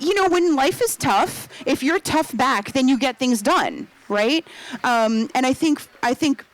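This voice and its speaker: A woman's voice: a little high, no room sound, rough recording. A woman novelist speaking at a live book event in a talkative, storytelling way, with frequent fillers. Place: event room before an audience.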